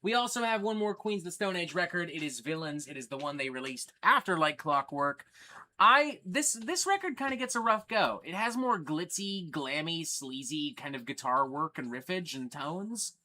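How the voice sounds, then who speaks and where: A man's voice: a little high, animated, moderate pace, pushed and bright. A man hosting a casual livestream, talking enthusiastically and swearing freely. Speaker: livestream host.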